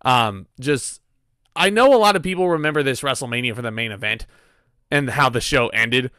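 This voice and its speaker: Lively, bright-voiced man giving opinions. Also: mid-range voice, normal speed, clear, resonant tone, dry recording. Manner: animated, opinionated, full of filler ums. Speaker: guest cohost. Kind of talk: casual wrestling review chat.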